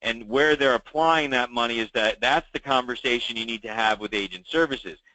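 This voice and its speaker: A man's voice: mid-range voice, fairly quick, pushed and bright, no echo, low-quality recording. A man hosting a weekly call for insurance agents, talking through problems in a conversational way with many fillers and repeating key advice. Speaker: meeting host for insurance agents.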